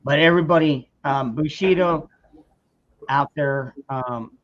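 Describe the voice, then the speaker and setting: A man ranting angrily on a livestream in a fairly high voice, swearing freely and restarting his sentences often. The recording is dull and lo-fi. It sounds like casual, heated talk to his viewers. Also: a bit bright. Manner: angry, profane, halting with many restarts. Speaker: streamer.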